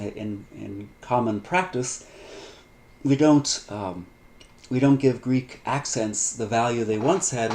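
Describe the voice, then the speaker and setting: A man lecturing on Greek grammar in a relaxed, unscripted way, with many fillers, restarts and light asides. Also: fairly low pitch, creaky, a little hiss or hum. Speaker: Greek instructor. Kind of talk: recorded lecture.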